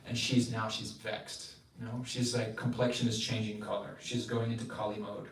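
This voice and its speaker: Chatty spiritual storyteller guy, animated, lots of laughs, echoey room, mic far away. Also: on the low side, moderate pace, creaky. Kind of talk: devotional storytelling talk. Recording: roomy, distant mic, faint noise.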